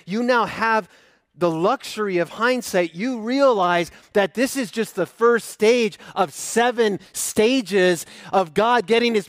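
Male pastor, sermon delivery, higher voice, dry room, lively and dramatic. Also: no echo. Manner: animated, acts out crowd voices, loud bursts.

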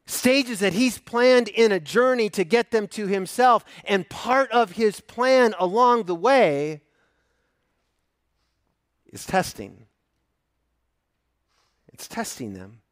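Male pastor, sermon delivery, higher voice, dry room, lively and dramatic. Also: slow, long pauses, dry recording. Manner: animated, acts out crowd voices, loud bursts.

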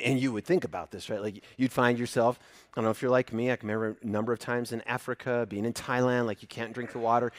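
A man preaching a sermon, animated, acting out the voices of the people in his story with loud bursts. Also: mid-range voice, no room sound, studio quality. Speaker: pastor.

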